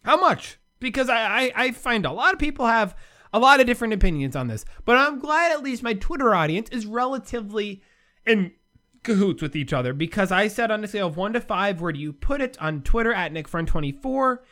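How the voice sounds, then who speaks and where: A man's voice: high voice, expressive, fairly quick, pushed and bright. A man hosting a solo sports commentary show from the United States, ranting sarcastically with big swings in his voice.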